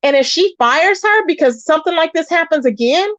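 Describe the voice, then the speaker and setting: A woman hosting a casual gossip commentary show, chatty and animated, answering her live chat. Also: very high-pitched, brisk, no echo, highs cut off. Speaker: commentary channel host.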